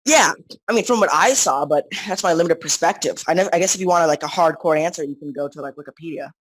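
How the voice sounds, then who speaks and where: Teen cohost rambling on and on, tons of restarts and ums, middle pitch, dead dry sound. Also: quick pace, fairly bright tone, no echo, rough recording. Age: teens. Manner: rambling, many restarts and fillers. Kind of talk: casual chat.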